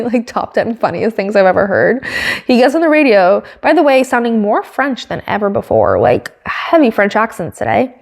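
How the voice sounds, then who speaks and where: A woman hosting a podcast, recapping a race in a casual, excitable way with lots of filler words. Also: mid-range voice. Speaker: podcast host.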